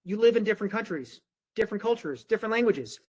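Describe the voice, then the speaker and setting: A man's voice: high-pitched, fast talker, husky. A man talking casually as a podcast guest, telling a personal story and acting out what other people said. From Korea. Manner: animated storyteller who acts out quoted dialogue. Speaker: podcast guest, nutrition coach. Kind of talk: casual conversation.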